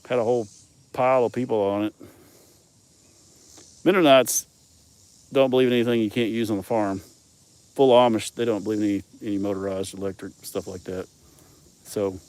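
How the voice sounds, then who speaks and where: A man's voice: fairly low pitch, darkish tone. A man from Arkansas with a Southern accent, telling rambling, profane stories in a casual vlog, his words running together. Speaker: vlogger.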